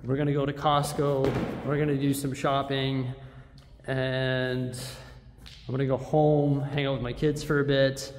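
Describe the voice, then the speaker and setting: A man's voice: mid-range voice, little pitch movement, measured pace. A man vlogging to a handheld camera, rambling and exasperated as he talks straight to his viewers. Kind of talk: casual vlog. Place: empty building with reverb, later a big store. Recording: echoey room with a long reverb tail.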